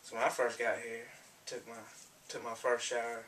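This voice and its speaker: A man's voice: mid-range voice, monotone, normal speed, a bit bright, natural voice. A man playing a chatty jail inmate serving a life sentence in a comedy sketch. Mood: joking. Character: lifer male jail inmate, jokey. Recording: far camcorder mic, faint hiss.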